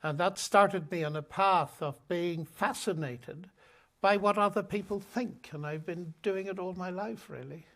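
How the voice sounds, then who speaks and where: An older man from Northern Ireland with a Northern Irish accent, telling his story in a measured, gently humorous way as the guest of a live on-stage interview in a lecture hall. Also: sits high. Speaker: guest speaker.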